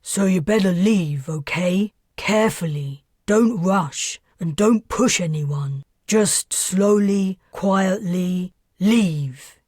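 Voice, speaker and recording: A woman's voice: low voice, unhurried, breathy edge, no echo, clean studio sound. A woman doing a brash young fleet officer. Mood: commanding. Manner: casual, blunt, shouting to a crowd.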